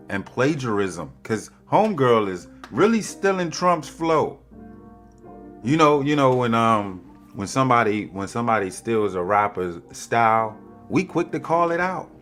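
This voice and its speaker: A man hosting a podcast, ranting heatedly and with lots of profanity, his voice jumping high in pitch to mock people. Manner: heated, profane, animated with big pitch swings. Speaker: podcast host. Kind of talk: opinionated political rant.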